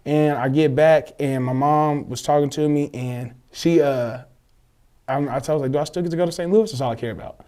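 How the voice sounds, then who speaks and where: A young man, telling a personal story in casual, slangy, animated chat, acting out the voices of others. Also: on the high side, fairly quick. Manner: animated, swears freely, slangy, acts out quoted voices. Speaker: guest telling his story.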